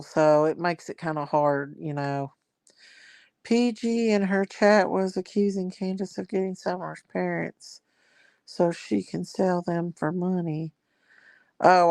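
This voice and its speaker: A woman with a smooth, medium-pitched voice and no echo hosts a casual livestream. She chats away in Southern-style grammar and reads viewer comments aloud.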